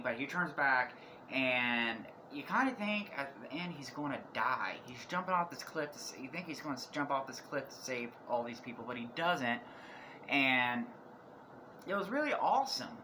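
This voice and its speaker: A man casually reviewing movies for a vlog, talking in a rambling way that keeps restarting sentences, his voice going hoarse. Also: medium pitch, bright, forceful tone, slight background noise. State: losing his voice.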